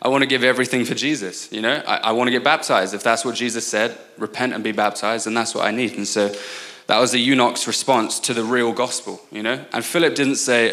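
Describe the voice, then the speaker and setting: Earnest young English preacher. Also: male voice, mid-range voice, steady tone, fairly bright tone. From England. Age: 20s. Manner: earnest, quick asides and self-interrupting restarts. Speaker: guest speaker. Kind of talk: sermon.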